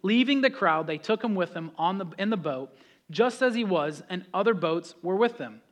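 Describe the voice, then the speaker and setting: A man preaching a sermon, talking with the congregation, swinging from loud pleading passages to hushed calm ones. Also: sits high, normal speed. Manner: builds to loud impassioned pleas, then drops to hushed calm; conversational preaching with audience questions. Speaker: pastor.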